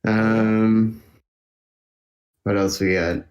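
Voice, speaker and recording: A man's voice: fairly low pitch, steady tone, very slow. Easygoing man podcast co-host. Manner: easygoing, chuckles often, reads out listener questions. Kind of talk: casual chat.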